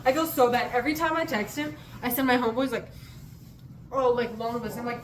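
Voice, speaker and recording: A woman's voice: fairly high pitch, fairly even intonation, a little fast, slight background noise, poor audio. A woman telling stories in a casual vlog, gushing and giggly, rambling from one thing to the next. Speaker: student and vlogger.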